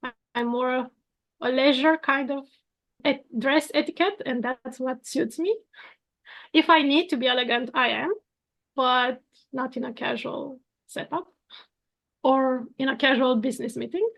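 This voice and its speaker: A woman's voice: high-pitched, steady tone, a little slow, vocal fry, long pauses, fairly bright tone. A woman in her thirties from Romania, talking earnestly about her work as a coach, now and then laughing lightly. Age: 30s. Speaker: coaching guest, architect and coach. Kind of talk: casual conversation.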